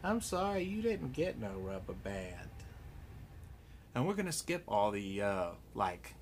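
A man's voice: on the low side, sing-song, a little slow, a little hiss or hum. A man in his forties, stoned, rambling and swearing through a casual home unboxing vlog with self-mocking humor. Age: 40s. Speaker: unboxing vlogger.

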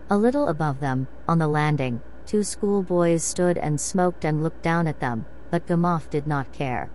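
A woman narrator reading a classic short story aloud in a slow, soothing bedtime reading style. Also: sits low, expressive, a little mellow, slight background noise, poor audio.

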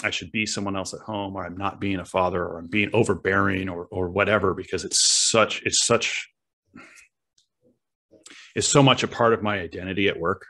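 A middle-aged man hosting a podcast, talking in a reflective and halting way as he searches for his words. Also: sits low, steady tone, pushed and bright. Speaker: podcast host. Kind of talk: reflective conversational interview.

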